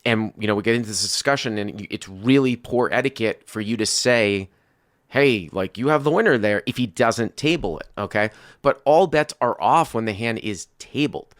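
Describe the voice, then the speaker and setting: A man's voice: on the low side, moderate pace, hardly any pauses, dry recording, clean studio sound. A male podcast host talking through a poker hand, methodically restating each bet and action. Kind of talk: casual poker discussion.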